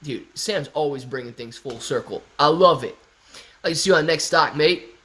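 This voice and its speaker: A young man hosting a casual stock market live stream, reading viewer comments aloud and riffing on them in a chatty, excitable way. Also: on the high side, normal speed. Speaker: stock market livestream host.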